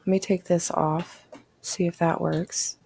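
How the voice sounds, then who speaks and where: A woman's voice: on the low side, little pitch movement, slow, gravelly, darkish tone, a little hiss or hum. A woman hosting a livestream in a casual, chatty way and thanking her viewers. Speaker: livestream host.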